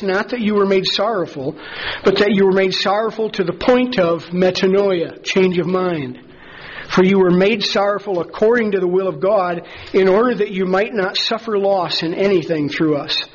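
A man preaching a sermon as pastor, earnest and measured, slowing down to stress key phrases. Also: sits high, husky, lo-fi sound.

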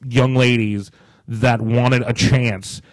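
A middle-aged man with a voice of middling pitch talks bluntly and jokes at his own expense. He sounds close to the mic in a dry space. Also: steady tone, takes it slowly, no room sound, poor audio. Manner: blunt, jokey, speaks from experience. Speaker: podcast co-host. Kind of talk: casual chat.

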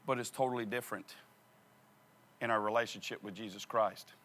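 Bright-voiced man telling a comic sermon story. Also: fairly low pitch, fairly even intonation, a little fast. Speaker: preacher.

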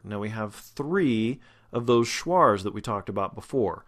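A man who is a vocal coach, giving a pronunciation lesson and slowly demonstrating single sounds and words. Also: on the low side, lively intonation. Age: adult, past grad school.

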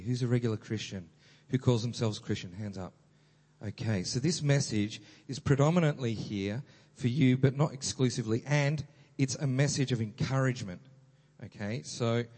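A man delivers an energetic sermon in a high, slightly husky voice, stumbling and restarting as he goes. The sound rings with long reverb from a large hall. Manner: energetic, animated, with many restarts. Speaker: pastor.

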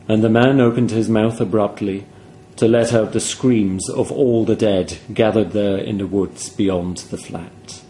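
A man reading a horror story aloud in a grave, hushed, measured way. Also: lowish voice, steady tone, slight background noise. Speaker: narrator.

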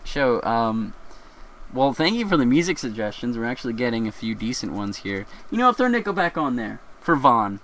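A man's voice: mid-range voice, sing-song, moderate pace, a bit bright, a little hiss or hum. A man from the Philadelphia area hosting a casual live show, rambling and joking with frequent laughs. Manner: rambling, jokey, laughs often. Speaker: host.

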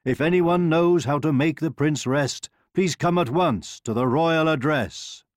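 A man voicing a weary, exasperated king who speaks loudly and pompously. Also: fairly high pitch, measured pace, no echo, clean studio sound, pitched above the performer's own voice, close to an everyday voice. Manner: loud and pompous.

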